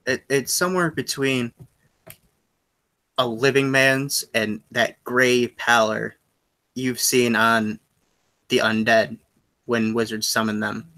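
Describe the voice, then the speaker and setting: A man running a tabletop game as game master, narrating in a halting way and often correcting himself. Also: mid-range voice, fairly even intonation, sharp tone.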